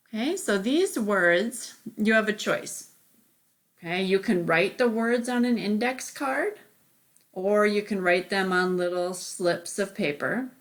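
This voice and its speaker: A woman teacher leads a remote phonics lesson at an unhurried, deliberate pace. She explains each step patiently, checking in with a frequent "okay" as she moves along, her voice sitting at a middle pitch. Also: lively intonation.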